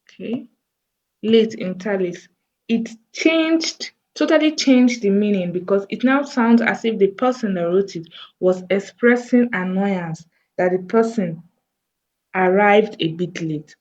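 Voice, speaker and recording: A woman teaching a coding lesson over a screen recording, thinking aloud slowly as she types. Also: mid-range voice, a little mellow, lo-fi sound. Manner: slow, thinking aloud while typing. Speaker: coding tutor.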